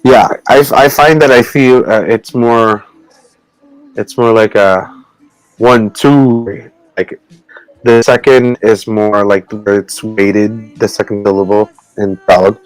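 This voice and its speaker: A man co-hosting a casual video call chat, teaching Tagalog words in a halting, rambling way with many fillers and frequent laughs. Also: on the low side, steady tone, no room sound, rough recording. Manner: laughs often between words.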